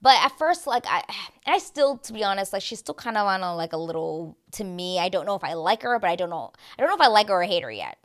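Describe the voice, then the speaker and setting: A woman in her thirties giving a chatty, animated recap, breaking into playful voices when she quotes people. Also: medium pitch, fast. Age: 30s. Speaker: host. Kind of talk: casual recap chat.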